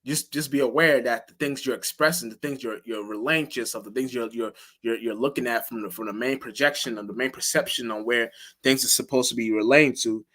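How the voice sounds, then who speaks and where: A man's voice: fairly even intonation, a little fast. A man, hosting a livestream and talking in a rambling, profane way, full of restarts and fillers. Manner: jumps to a much higher, louder voice when acting out what he or others would say. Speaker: livestream host. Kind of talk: casual livestream monologue.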